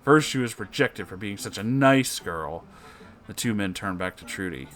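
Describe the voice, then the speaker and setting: A man's voice: lowish voice, animated, moderate pace, a bit bright. A man hosting his channel, reading a story aloud in a playful, chatty way.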